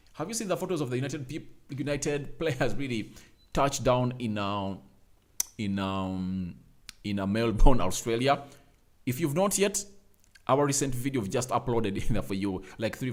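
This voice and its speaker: Casting: excitable male football streamer, mid-pitched, loud bursts, begs for likes. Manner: hyped, repeatedly urging viewers to like; energetic, swings loud and high. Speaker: football channel host. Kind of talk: live-stream transfer news chat.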